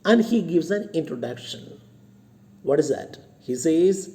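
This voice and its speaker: A man's voice: fairly high pitch, sing-song, unhurried, dark tone. A male college English lecturer with an Indian English accent, explaining a play to students and retelling each line in simple words.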